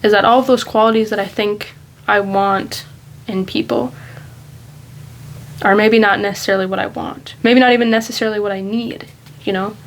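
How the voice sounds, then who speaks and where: A woman's voice: medium pitch, steady tone, moderate pace, low-quality recording. A woman vlogger talking casually and candidly in a rambling, reflective monologue.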